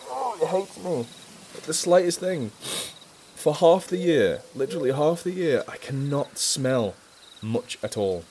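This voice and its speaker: Adopting a fake Southern good-old-boy accent, this man hosts a live stream and banters with viewers in a chatty, self-mocking, playful way. His voice is fairly high and pushed up, very animated but unhurried, dark in tone, with slight background noise.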